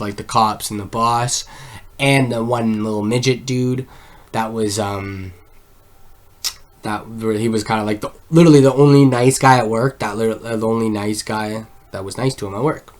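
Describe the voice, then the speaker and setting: A man retells a film scene by scene in loose, casual chat. He rambles, swears freely and fills his sentences with "like", in an ordinary mid-pitched voice. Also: normal speed. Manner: rambling, swears a lot, heavy use of "like". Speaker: film reviewer.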